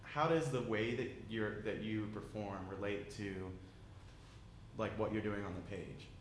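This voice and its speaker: A man's voice: on the low side, measured pace, reverberant, a little hiss or hum. A man interviewing a poet, asking questions in a rambling way while searching for words.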